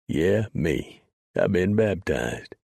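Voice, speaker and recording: A man voicing a blunt, rough frontier mountain man who drawls in backwoods grammar with dry sarcasm. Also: deep voice, animated, takes it slowly, darkish tone, no room sound, voice pushed up, full character voice. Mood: gruff.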